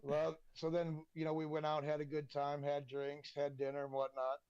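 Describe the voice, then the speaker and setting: A man, a podcast guest telling casual, animated stories and swearing freely. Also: fairly high pitch, moderate pace, clear, resonant tone, dry recording, highs cut off. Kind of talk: casual storytelling.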